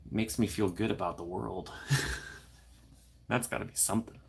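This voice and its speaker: A young man with a fairly low voice chats casually on his own livestream. He reads viewer comments aloud and reacts playfully, laughing often between remarks. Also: fairly even intonation, moderate pace, vocal fry. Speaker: livestream host. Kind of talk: casual live chat reading comments.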